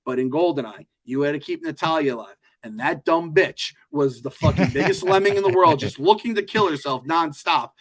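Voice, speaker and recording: A man co-hosting a podcast, chatting casually in an animated, joking way with lots of swearing. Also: on the high side, brisk, hardly any pauses. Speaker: podcast co-host. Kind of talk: casual chat.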